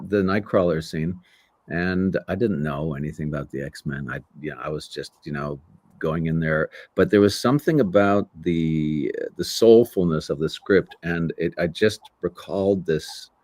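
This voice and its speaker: Older male voice actor, low voice, dry close sound, lively anecdotal storyteller. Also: a little slow, no echo. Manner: animated storyteller who acts out voices. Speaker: voice actor guest. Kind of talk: casual interview storytelling.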